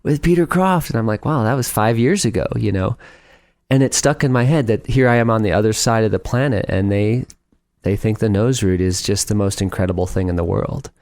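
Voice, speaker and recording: A man's voice: lowish voice, a little fast, darkish tone, no room sound, clean studio sound. A middle-aged man as a podcast guest, telling stories in a chatty way, laughing often and acting out what others said. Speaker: guest, speed climber. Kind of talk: casual storytelling interview.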